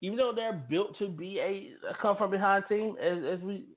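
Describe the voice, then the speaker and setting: A man's voice: high-pitched, moderate pace. A man hosting a football talk radio show, speaking emphatically and often repeating and restarting his phrases. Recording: tinny phone-line audio.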